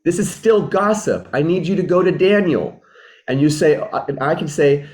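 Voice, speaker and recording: This relationship mentor's fairly high, slightly mellow voice carries lively intonation at a moderate pace. In an earnest teaching talk, he explains reflectively, keeps rephrasing his points, and acts out sample exchanges.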